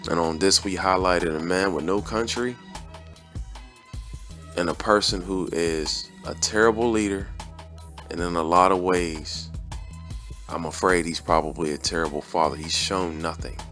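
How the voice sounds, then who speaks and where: A man's voice: low-pitched, measured pace, long pauses, fairly bright tone, faint music behind. A man hosting his own channel, delivering a blunt, preachy opinion rant in slangy, repetitive casual talk. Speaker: channel host.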